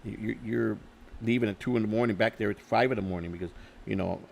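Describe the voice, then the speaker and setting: Fast-talking, profane middle-aged man. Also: lowish voice, vocal fry, a little hiss or hum. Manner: profane, repeats and restarts words, grows loud when retelling arguments. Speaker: interview guest. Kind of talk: candid conversational storytelling.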